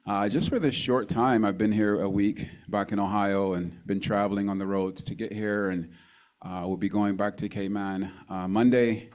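A man preaching a sermon into a handheld microphone in a church. He draws amens from the congregation and reads scripture references slowly, repeating each one. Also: on the low side, fairly even intonation, darkish tone, poor audio. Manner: call-and-response with the congregation, frequent amens. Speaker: guest preacher. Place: church sanctuary.

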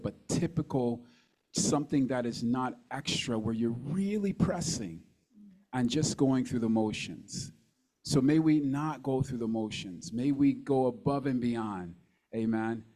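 A man preaching a sermon into a handheld microphone in a church. He draws amens from the congregation and reads scripture references slowly, repeating each one. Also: mid-range voice, a little mellow, poor audio. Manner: call-and-response with the congregation, frequent amens. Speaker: guest preacher. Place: church sanctuary.

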